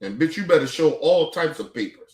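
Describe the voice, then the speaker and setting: A man's voice: on the high side, lively intonation, brisk. A man giving casual, profanity-laced reaction commentary as a streamer, sounding exasperated. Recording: echoey room.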